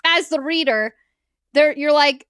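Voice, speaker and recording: A woman's voice: high voice, a little slow, a bit bright, dry recording, studio quality. A woman co-hosting a podcast, sarcastically retelling and mocking a novel in casual chat. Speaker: podcast co-host. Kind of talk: casual book-roast chat.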